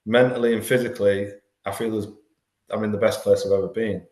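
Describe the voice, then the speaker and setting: A man's voice: fairly low pitch, steady tone, brisk, a little mellow. A man, a podcast guest talking candidly and earnestly, often restarting his words. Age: 40s. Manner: earnest, repeats words when restarting thoughts. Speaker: podcast guest, life coach. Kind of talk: candid conversational interview. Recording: roomy echo.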